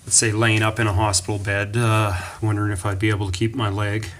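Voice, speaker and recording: A man in his forties from Canada tells a rambling motivational story in a casual vlog. His voice sits a little low. He often corrects himself and slips into the voices of the people he quotes. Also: level tone, quick pace, a little hiss or hum. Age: 40s. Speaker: vlogger.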